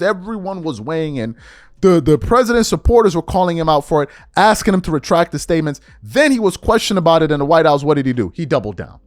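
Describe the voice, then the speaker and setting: A man's voice: high-pitched, no room sound, clean studio sound. A middle-aged man hosting a political commentary monologue, incredulous and full of rhetorical questions.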